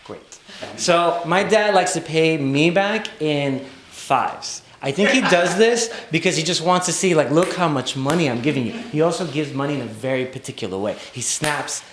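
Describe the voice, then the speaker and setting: A young man telling a comic personal story live on stage, animated and often laughing as he talks. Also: on the high side, normal speed, hardly any pauses, reverberant, noisy background. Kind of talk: live storytelling before an audience. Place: stage before a live audience.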